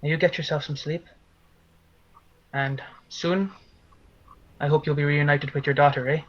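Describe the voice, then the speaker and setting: A man voicing a gentle, fatherly male devotee who keeps tagging his sentences with "eh?". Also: a little high, fairly even intonation, brisk, lo-fi sound. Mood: soothing. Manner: soft-spoken, ends phrases with "eh?".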